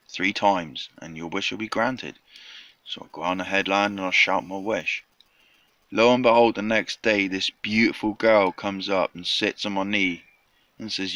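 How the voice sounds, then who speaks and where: A man's voice: low-pitched, steady tone, measured pace, pushed and bright, no room sound. A man telling a rambling made-up fish story in casual surfer slang, with little voices for the characters. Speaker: vlogger telling a tall tale.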